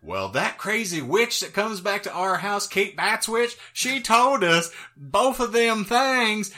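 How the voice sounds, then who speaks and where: A man hosting a comedy podcast who reads out a strange history with crude jokes along the way. His voice is bright and forward, and his pitch swings widely as he talks. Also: very animated, slow. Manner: reads history aloud with crude joking asides. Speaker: podcast co-host.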